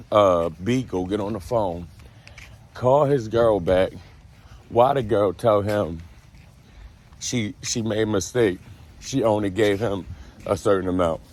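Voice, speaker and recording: A fairly low-voiced young man tells prison stories in loose street slang, animated and casual, leaping up in pitch whenever he acts out a quote. Faint road noise hums behind him. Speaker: storyteller. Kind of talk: casual storytime monologue.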